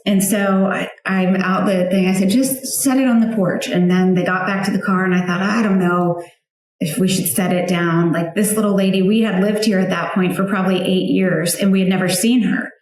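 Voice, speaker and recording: A woman's voice: mid-range voice, fairly even intonation, moderate pace. Woman guest, 30s-40s, chatty and heartfelt, lots of fillers; very roomy echo on the mic. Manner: chatty, emotional storytelling with many fillers. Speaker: guest, founder of a flower outreach for widows. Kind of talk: personal storytelling interview.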